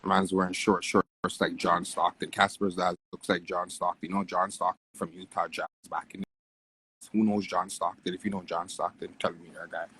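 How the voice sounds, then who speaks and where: Deep-voiced man ranting profanely. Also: normal speed, breathy edge, rough recording. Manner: profane, animated, wild pitch swings. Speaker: livestream host. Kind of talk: casual livestream rant.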